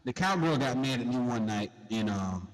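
A man's voice: mid-range voice, lively intonation, normal speed. A man co-hosting a raunchy casual chat, telling stories in laid-back slang. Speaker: co-host. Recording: reverberant room.

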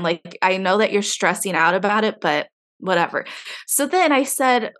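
A woman's voice: medium pitch, unhurried. Woman ranting about a grocery run, swears a lot, does the voices, regular mid voice. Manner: animated, swears freely, acts out quoted dialogue. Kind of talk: casual storytelling chat.

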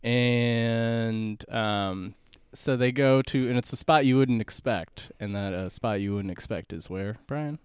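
A man's voice: medium pitch, slow pace, few pauses, clean tone, no room sound. A man co-hosting a casual comedy chat, laughing often as he rambles through an improvised movie plot. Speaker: podcast co-host.

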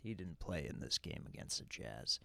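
A man's voice: sits low, sing-song, normal speed, gravelly, sharp tone, no echo. A man hosting a podcast in casual chat, rambling and self-mocking, with many restarts and stammered repeats. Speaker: podcast host.

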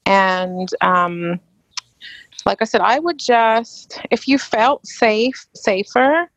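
A woman's voice: on the high side, very slow, fairly bright tone, no echo, dull audio. A woman from England with an East Anglian English accent, hosting a casual live question-and-answer chat, talking loosely with frequent ums and restarts. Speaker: host.

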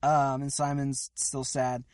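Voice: medium pitch, little pitch movement, takes it slowly, dry recording. A podcast co-host recapping a cartoon episode in casual chat with dry, wry humor.

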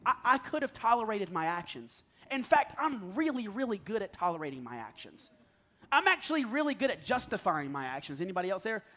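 A man's voice: high voice, very animated, a little fast, bright, forceful tone. A man in his thirties preaching in a conversational, self-deprecating way, telling stories and often laughing. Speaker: pastor. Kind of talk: conversational sermon.

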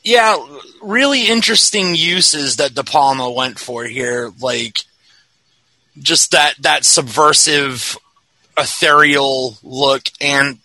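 Man, very bright sharp voice, enthusiastic film chat, filler-heavy. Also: mid-range voice, slow, no room sound, poor audio. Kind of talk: casual film commentary chat.

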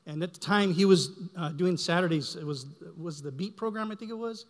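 A middle-aged man giving a heartfelt, halting church testimony, often repeating words as he speaks. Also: sits high. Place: church sanctuary. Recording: long hall reverb.

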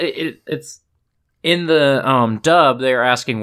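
A man's voice: mid-range voice, takes it slowly, fairly bright tone. Casual swearing man on a podcast. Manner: casual, swears, tells anecdotes. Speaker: podcast co-host. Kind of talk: casual discussion.

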